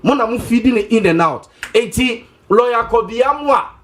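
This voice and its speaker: A man co-hosts a talk show, talking animatedly in a mix of Twi and English. His voice sits high for a man. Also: lively intonation, normal speed, a bit bright, a little hiss or hum.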